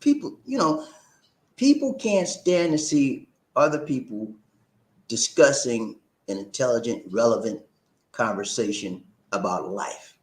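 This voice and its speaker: Animated man hosting a live stream. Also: mid-range voice, measured pace, echoey room. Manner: animated, preacher-like, repeats a shout-out catchphrase. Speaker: live-stream talk show host. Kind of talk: casual live-stream chat, reading viewer comments.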